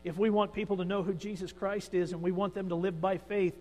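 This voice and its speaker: A man with a high, bright preaching voice leads a sermon and tells the story with vivid emphasis. He drops to quiet asides, then rises again. A long reverb fills the hall around him. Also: steady tone, normal speed, hardly any pauses, slight background noise. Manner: storytelling, shifting between hushed and emphatic. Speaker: pastor.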